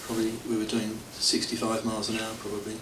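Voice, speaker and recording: At a temple anniversary, a middle-aged devotee rambles through stories for an audience, mocking himself and chuckling often. His low-leaning voice is completely flat and quick, picked up by a roomy, distant hall mic with faint hiss.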